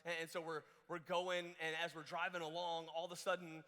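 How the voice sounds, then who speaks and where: Young male camp speaker, high bright voice, lively story sermon, long hall reverb. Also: brisk. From Georgia, US. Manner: animated, many restarts and fillers.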